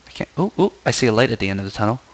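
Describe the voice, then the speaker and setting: A man's voice: fairly low pitch, big pitch swings, racing, low-quality recording. A young man casually commenting while playing a game, playful and giddy, often singing and muttering to himself. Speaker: gaming video host.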